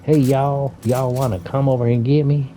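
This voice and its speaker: A man's voice: mid-range voice, steady tone, moderate pace, mellow, voice pushed up, natural voice. A man putting on the voice of a bold, eager country cowgirl with a folksy Southern US drawl, during video game commentary. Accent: Southern US country, put on.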